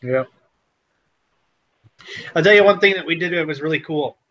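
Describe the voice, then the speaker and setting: A man from the Chicago area, Illinois, with a local Chicago-area Midwestern accent co-hosts a casual livestream and greets viewers by name. His voice is a little high and fairly bright, at normal speed, and the recording is muffled.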